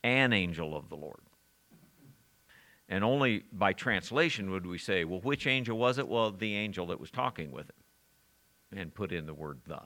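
A man's voice: low-pitched, expressive, normal speed, sharp tone. A man teaching the Bible verse by verse, talking conversationally and asking his listeners questions as he goes. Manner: conversational, with frequent restarts and audience questions.

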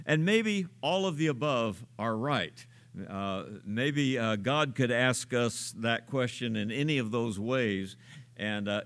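A man delivering a sermon in a steady middle-pitched voice. He preaches unhurriedly, pausing on filler sounds and posing questions to his listeners. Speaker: pastor.

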